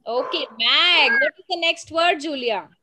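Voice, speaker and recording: High-voiced woman teaching phonics. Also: noisy background. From India. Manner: patient, coaxing, sounds words out slowly. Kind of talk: teaching young children with a story.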